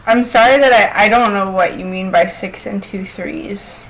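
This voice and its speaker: A woman's voice: medium pitch, normal speed. A woman hosting a casual craft livestream, chatting with viewers and laughing often as she works. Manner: chatty, reads chat aloud, laughs often. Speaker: livestream host. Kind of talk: casual chat while crafting.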